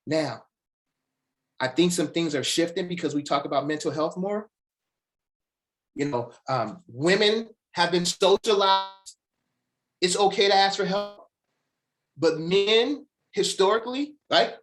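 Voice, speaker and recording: Animated motivational speaker, a man. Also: fairly high pitch. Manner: animated, with dramatic pauses and word-by-word emphasis; direct address to the audience. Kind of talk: motivational webinar talk.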